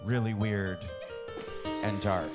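A man narrating an improvised mock story, halting and full of fillers. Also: fairly low pitch, steady tone, over music.

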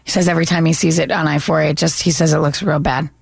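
A woman from the northeastern United States on a casual panel, animated and emphatic. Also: sits low, quick pace, gravelly, background noise. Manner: animated, emphatic, laughs often. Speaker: panel guest.

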